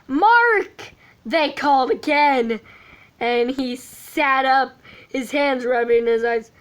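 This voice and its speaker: A woman's voice: high-pitched, steady tone, slow, smooth. A woman casually reading a fan story aloud, often stumbling over words and adding chatty asides. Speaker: fan fiction reader.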